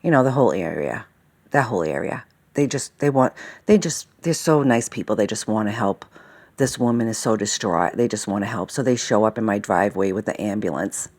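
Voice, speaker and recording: Woman, gravelly lively voice, agitated rambling vlog rant, keeps asking "all right?". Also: rumbling low, a little fast. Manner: rambling, agitated, swears often; fillers and self-interruptions, asks "okay?" and "all right?". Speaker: vlogger. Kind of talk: casual monologue.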